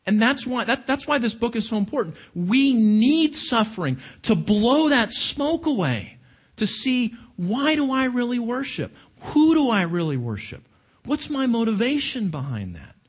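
A man's voice: very high-pitched, very animated, a little slow, breathy edge. A man preaching a sermon, questioning his congregation and stressing his points. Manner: questioning the audience, emphatic.

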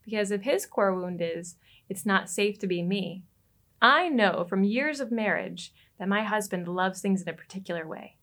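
A woman, a relationship coach, telling a personal story as a podcast guest, lively and quick to laugh. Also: mid-range voice. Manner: animated, laughs often and acts out quoted lines.

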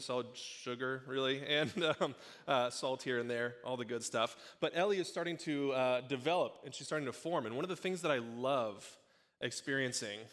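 A man's voice: mid-range voice, fairly bright tone. A young adult man preaching a sermon, talking in a conversational, jokey way with asides to a live congregation in a church. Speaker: pastor.

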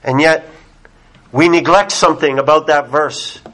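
A man's voice: a little high, fairly even intonation, measured pace, a bit bright, rough recording. A male pastor preaching a sermon, emphatic, with repeated words and rhetorical questions.

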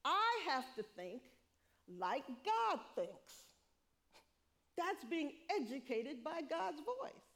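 A middle-aged woman preaching a sermon, lively, laughing often and acting out what people say. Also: high-pitched, extremely slow.

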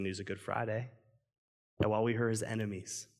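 A man's voice: on the low side, little pitch movement, a little fast, darkish tone. A man preaching a sermon in a casual, conversational way, acting out inner voices and peppering his speech with "like". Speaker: pastor. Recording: long hall reverb.

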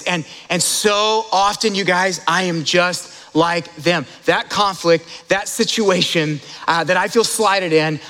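An animated male pastor in the middle of a sermon, with a high, bright-sounding voice. He talks right to his congregation, throws in asides and laughs, and his voice carries a long, reverberant hall echo.

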